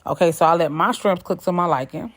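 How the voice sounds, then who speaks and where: A young woman with a low voice narrates her cooking video in a loose, chatty voice-over. She talks straight to her viewers as y'all and throws in sassy asides. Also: fast talker.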